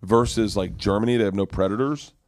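Brief: forties male comic, animated, swearing, laughing, dry sound. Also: fairly low pitch, fairly quick, no room sound. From Florida. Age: 40s. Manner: animated, profane, laughing storyteller. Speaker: guest comedian. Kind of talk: casual podcast storytelling.

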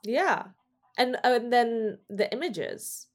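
A woman's voice: a little high, slow. A woman co-hosting a casual interview, chiming in with short agreeing remarks and questions. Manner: brief agreeing backchannels, relaxed. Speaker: podcast co-host.

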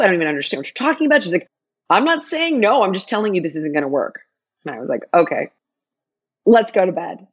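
In an interview, a woman tells a personal story with animation, acting out quoted dialogue with big jumps in her voice. Her voice is husky and on the low side, she speaks fast, and the audio sounds dull.

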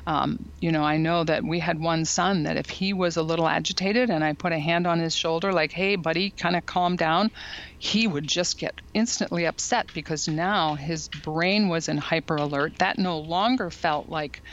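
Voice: medium pitch, normal speed, hardly any pauses, fairly bright tone. Thoughtful podcast guest, slightly dull audio. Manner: thoughtful, many fillers and restarts, explanatory. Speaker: podcast guest and parenting educator. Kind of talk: casual podcast conversation.

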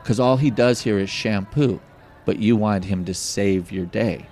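A man telling a personal story in an interview, animated and acting out the voices of the people in it. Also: lowish voice, a little slow, slight background noise. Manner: animated, acts out quoted voices. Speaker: guest.

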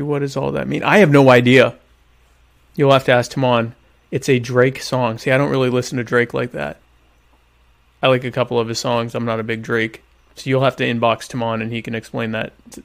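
A man chatting casually to viewers while eating dinner, rambling and joking with deadpan irony about being a quiet type. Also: medium pitch, vocal fry. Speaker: vlogger answering viewer questions. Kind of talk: casual comedic chat.

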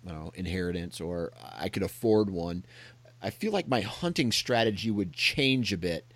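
A man hosting a casual talk, reflective and halting, often restarting his sentences. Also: low voice, lively intonation, a bit bright, no room sound. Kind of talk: casual conversation.

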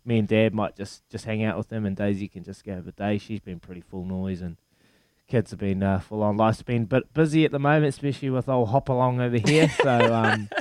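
A man's voice: on the low side, brisk, darkish tone, a little hiss or hum. A man in his thirties with a New Zealand accent, chatting casually as a radio guest, laid-back and laughing as he tells stories. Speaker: radio guest, former rugby player. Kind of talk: casual chat.

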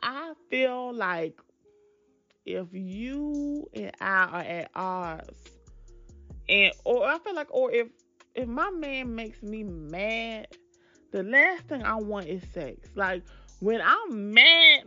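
A woman in her twenties talking candidly to her viewers, blunt and sassy, with emphatic, drawn-out asides and plenty of profanity. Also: a little high, lively intonation, bright, forceful tone, lo-fi sound, faint music behind. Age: 20s. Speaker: vlogger. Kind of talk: candid casual chat to viewers.

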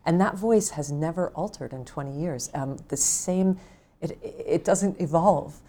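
A woman's voice: deep voice, a little slow. A middle-aged woman author talking earnestly and intimately about self-compassion in a casual conversation. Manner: earnest, warm, gently intimate. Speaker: author guest.

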